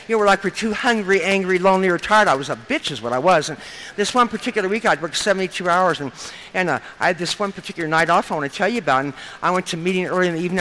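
A middle-aged woman shares her story with a group at a brisk clip, her voice bright and forward. She is earnest, circles back to repeat phrases and tacks "and stuff" onto her sentences. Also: fairly low pitch, rough recording. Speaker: speaker sharing at a recovery meeting. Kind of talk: personal testimony told to a group.

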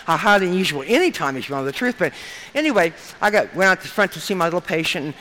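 A middle-aged woman shares her story with a group at a brisk clip, her voice bright and forward. She is earnest, circles back to repeat phrases and tacks "and stuff" onto her sentences. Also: fairly low pitch, expressive, poor audio. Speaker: speaker sharing at a recovery meeting. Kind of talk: personal testimony told to a group.

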